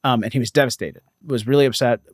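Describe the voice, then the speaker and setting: A man in his thirties, a podcast co-host, retelling an old pulp story in casual chat and slipping into quick voices for the characters. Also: mid-range voice, steady tone, husky, no room sound, clean studio sound.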